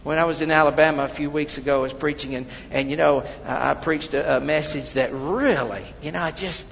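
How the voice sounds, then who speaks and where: A man's voice: fairly high pitch, fairly even intonation, fairly quick, vocal fry, long reverb tail, muffled recording, a little hiss or hum. A man preaching a sermon in a church, talking conversationally, telling personal stories and often restarting his sentences. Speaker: pastor.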